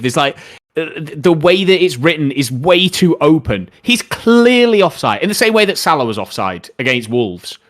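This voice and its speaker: A man's voice: on the high side, fairly bright tone. A young man streaming live, chatting casually about football and answering viewer questions in a rambling, opinionated way.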